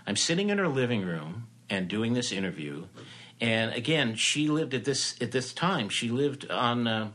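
Bright-voiced older man telling stories. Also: medium pitch, sing-song, normal speed. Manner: chatty anecdotal storyteller, frequent fillers and restarts. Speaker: entertainment reporter, guest. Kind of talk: casual storytelling interview.

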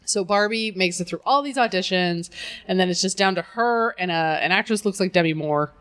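A woman's voice: mid-range voice, a little fast, fairly bright tone. A woman co-hosting a podcast in casual chat, sarcastic and profane, laughing often. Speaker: podcast co-host.

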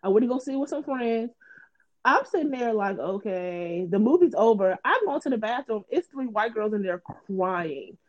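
A woman co-hosting a casual chat, telling animated, swearing stories with friends. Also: a little high, moderate pace. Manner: animated storytelling, swears freely. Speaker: podcast co-host. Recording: dull lo-fi sound.

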